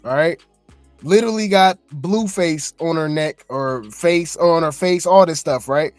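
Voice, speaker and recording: A man's voice: on the high side, measured pace, dry recording. A man hosting gossip commentary, emphatic and full of rhetorical questions, on a dry close mic with faint music.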